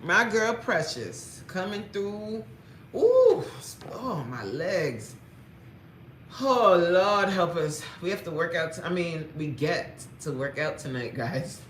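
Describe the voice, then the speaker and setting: A woman's voice: lowish voice, expressive, takes it slowly, a bit bright, echoey room, a little hiss or hum. A woman fitness coach chatting playfully on a livestream, greeting viewers by name, reading their comments aloud and laughing often.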